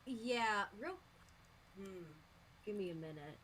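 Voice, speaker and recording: A woman's voice: medium pitch, animated, slow, a bit bright, slight background noise, low-quality recording. A woman playing along in a tabletop-style game, chatting casually and trailing off as she thinks. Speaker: player. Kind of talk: casual chat.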